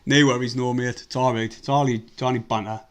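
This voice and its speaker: A man's voice: mid-range voice, brisk. Young man, fan stream host, blunt and sweary, mutters then erupts. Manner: blunt and sweary, mutters and sighs between excited bursts. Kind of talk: casual live match commentary.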